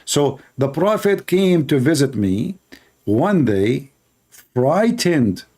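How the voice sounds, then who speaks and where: A man's voice: on the high side, very animated, slow pace, a little mellow. A man hosting a channel, giving mocking, emphatic commentary over clips. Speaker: channel host.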